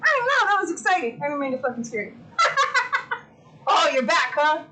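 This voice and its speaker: A woman hosting a casual livestream from home, chatty and excitable, who swears freely. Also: high-pitched, quick pace, noisy background. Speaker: livestream host.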